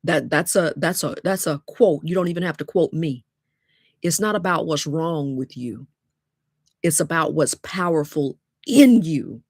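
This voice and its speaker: Low-voiced preachy motivational woman. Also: expressive, unhurried, a little mellow, breathy edge, no room sound, studio quality. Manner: preachy, call-and-response, emphatic repetition. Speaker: dating coach. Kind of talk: motivational livestream talk.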